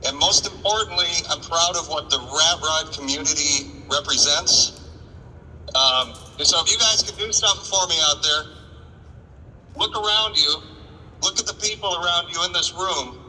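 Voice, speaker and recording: A man's voice: fairly high pitch, normal speed, bright, forceful tone, big-room sound, slight background noise, poor audio. A man giving an earnest, crowd-rousing thank-you speech.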